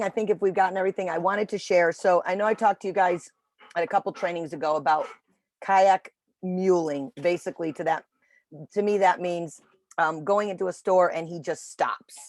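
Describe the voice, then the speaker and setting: A woman telling a dog-training story in casual chat on a video call, animated when quoting. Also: lowish voice, normal speed, no echo. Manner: chatty storytelling, animated voices for quotes. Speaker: puppy raiser trainer.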